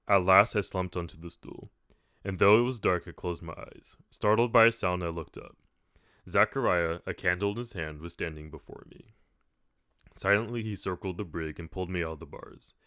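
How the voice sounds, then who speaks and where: A man reading a novel aloud in plain, steady first-person narration. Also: low-pitched, no room sound, clean studio sound. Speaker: audiobook reader.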